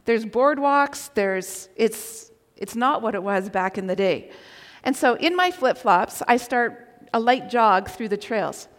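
A woman preaching a sermon, telling a personal story with animated delivery and occasional shouted quotes. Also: a little high, slow. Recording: long reverb of a large hall.

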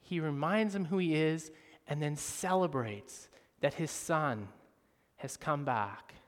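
High-voiced animated male preacher. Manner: animated, swings from soft and slow to loud and emphatic. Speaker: pastor. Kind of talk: sermon. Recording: reverberant hall.

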